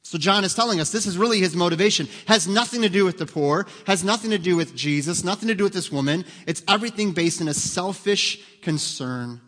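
A man's voice: high voice, brisk, few pauses, a bit bright. A man preaching a sermon as pastor, talking conversationally and putting questions to the congregation. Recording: long hall reverb.

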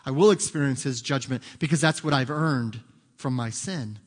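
A man preaching a sermon as pastor, emphatic, swinging from soft, quiet asides to loud, high climaxes. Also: normal speed, long reverb tail.

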